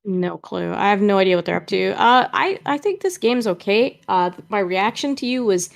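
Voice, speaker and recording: A woman co-hosts a podcast in casual live-stream chat. She is blunt, laid-back and teasing, and her voice has a lot of gravelly fry. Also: mid-range voice, animated, normal speed. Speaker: podcast co-host.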